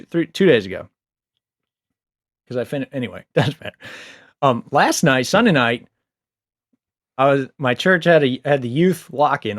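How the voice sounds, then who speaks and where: A young adult man casually reviewing a book, rambling with lots of fillers, a little low on sleep. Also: no echo, clean studio sound. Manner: rambling, filler-heavy, animated asides.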